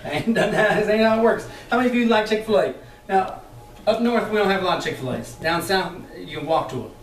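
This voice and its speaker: A man leading a sales training session for a live group, talking in a lively, chatty way, laughing often and acting out the voices he quotes. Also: high voice, a little fast. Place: meeting room with an audience. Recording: echoey room, mic far off.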